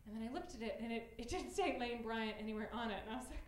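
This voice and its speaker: A woman in her late twenties performing a stand-up comedy set, self-deprecating and given to loud excited bursts. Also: on the high side, quick pace, hardly any pauses. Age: late 20s. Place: comedy club stage before a live audience. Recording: roomy club sound, audience laughter.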